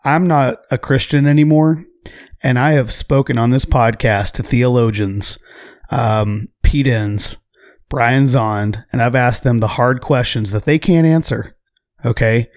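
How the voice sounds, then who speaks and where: A man's voice: mid-range voice, unhurried, darkish tone, no echo, studio quality. A man hosting a podcast, speaking directly and earnestly to his guest. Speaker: podcast host. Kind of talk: casual podcast talk.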